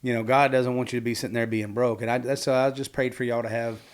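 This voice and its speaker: A man in his forties co-hosts a relaxed podcast conversation. He tells stories with animation, slipping into the voices of the people he quotes. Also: mid-range voice, fast. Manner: animated storyteller who acts out quotes. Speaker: podcast co-host.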